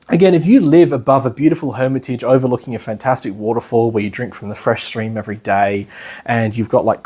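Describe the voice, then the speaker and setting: An Australian man giving a casual lecture, chatty and animated, with many fillers. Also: mid-range voice. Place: class in a meeting room.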